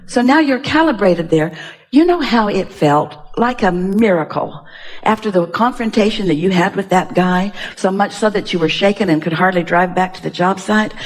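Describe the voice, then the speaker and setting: A woman giving a live seminar talk, speaking emphatically to an audience member, repeating phrases and asking rhetorical questions. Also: mid-range voice. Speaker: spiritual teacher at a workshop.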